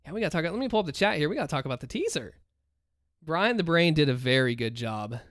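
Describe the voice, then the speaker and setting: A man in his thirties hosts a livestream and narrates stories, talking fast and with great animation in a high, fairly bright voice. Upbeat and chatty, he addresses his viewers directly, and the recording is studio quality with no room sound.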